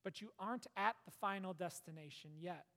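A man preaching a sermon, earnest, with rises and falls and hushed, prayerful passages. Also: high voice, fairly quick. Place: church. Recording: long reverb of a hall.

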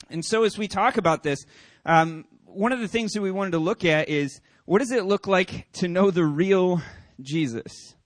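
A male pastor preaching in a church with a fairly high voice. He tells a story and acts out the quoted voices with animated energy. The sound is dry, close and without room echo. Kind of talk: sermon.

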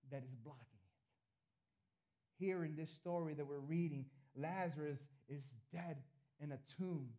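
A male pastor preaching a sermon to a congregation, emphatic, with his voice swelling loud and then dropping low. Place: church.

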